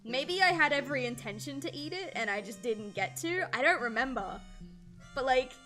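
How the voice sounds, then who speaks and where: A woman's voice: high voice, animated, normal speed, bright, forceful tone, faint music behind. A young woman streaming while she draws, telling stories in a rambling, slangy way and swearing freely. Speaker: streamer and artist. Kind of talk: casual livestream chat while drawing.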